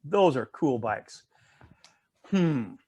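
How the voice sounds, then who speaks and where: A man's voice: mid-range voice, big pitch swings, extremely slow, dark tone, breathy edge, exaggerated voice. A man voicing a playful, scheming little girl who muses over how to get what she wants. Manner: musing, crafty.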